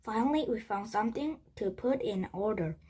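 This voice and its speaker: A woman's voice: medium pitch, lively intonation, dark tone, husky. A woman reading as old-fashioned boy Teddy. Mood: pleased. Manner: halting read-aloud delivery. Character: young boy sorcerer, brave and old-fashioned.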